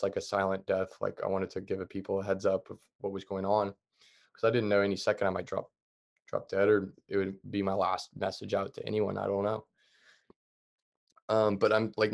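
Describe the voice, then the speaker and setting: A young adult man talks as a podcast guest, his low voice gravelly with vocal fry. He keeps an even, flat delivery and tells events plainly, leaning on fillers as he goes. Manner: calm, plain retelling with many fillers. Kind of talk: casual storytelling.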